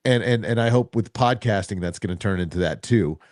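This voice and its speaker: A low-pitched man from New Jersey co-hosts a casual podcast, telling stories with lots of energy. He jumps into the voices of the people he quotes. The sound is close and dry, with no room around it. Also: brisk, no room sound. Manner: animated storyteller, acts out quoted voices. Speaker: podcast co-host.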